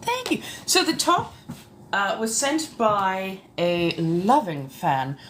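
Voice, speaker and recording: A woman streamer chatting live in a put-on old colonial accent that mixes English, Scottish and Irish tones. She speaks in a genteel, theatrical way and answers her chat with drawn-out exclamations. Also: medium pitch, big pitch swings, slight background noise. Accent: put-on old colonial mix of English, Scottish and Irish. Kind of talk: casual live chat in a vampire persona.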